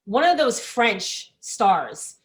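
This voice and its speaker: A woman comedian talks in a slightly high voice. She is blunt and emphatic and drops profanity freely in casual panel chat. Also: big pitch swings, very slow. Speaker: comedian co-host.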